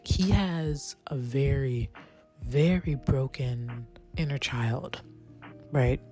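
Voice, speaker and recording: A woman's voice: very deep voice, extremely slow, warm tone. A woman chatting casually as she recaps a TV series, peppering her talk with "right?" and the odd swear word, over faint background music. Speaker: show reviewer.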